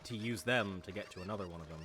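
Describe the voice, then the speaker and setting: Low-voiced profane gamer man. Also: racing, sharp tone, a little hiss or hum. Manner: profane, wisecracking. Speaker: let's play gamer. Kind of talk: casual gameplay commentary.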